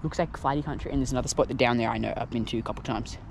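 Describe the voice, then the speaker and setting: A man casually talking through a fishing trip on the water, chatty and excitable, recorded on an action camera. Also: mid-range voice, racing, creaky, background noise. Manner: chatty, excitable, thinks aloud. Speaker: fishing vlogger. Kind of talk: casual narration while fishing.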